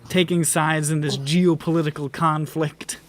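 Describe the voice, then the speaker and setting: A man acting as game master for a tabletop game, describing scenes slowly and tentatively. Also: a little high, steady tone, dry recording, soft background music. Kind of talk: narrating a tabletop game, casual chat.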